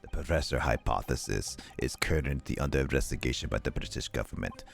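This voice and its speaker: Guy doing a cold prosecutor voice, deep and grave, slow and solemn. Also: gravelly, soft background music, full character voice. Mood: accusing.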